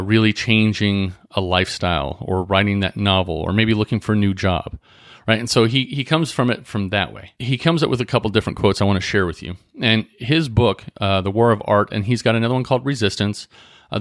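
Low-voiced man hosting a casual podcast. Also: no room sound, studio quality. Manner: conversational, often asks "right?" and restarts phrases; reads book passages aloud more slowly. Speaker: podcast host. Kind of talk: casual motivational podcast talk.

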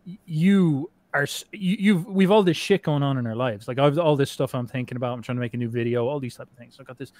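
A man's voice: mid-range voice, fast talker, hardly any pauses, a little mellow, dry recording. A man speaking casually as a podcast guest, rambling and swearing, with many restarts and fillers. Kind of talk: casual conversation.

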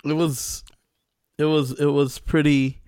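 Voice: medium pitch, flat delivery, slow, darkish tone, dry recording, studio quality. A podcast co-host chatting casually and reading a plot summary aloud. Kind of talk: casual chat.

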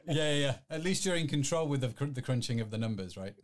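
A man's voice: mid-range voice, animated, quick pace. Chatty male podcast host. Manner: chatty, rambling with fillers and restarts. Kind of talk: podcast interview, live-streamed.

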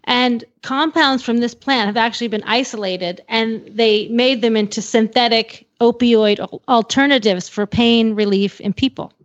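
A woman with a fairly high voice co-hosts an equestrian talk show, laying out herbal remedies and tossing in quick asides. Her audio comes through a little dull, as if over a remote line. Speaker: co-host, holistic veterinarian. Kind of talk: casual radio chat.

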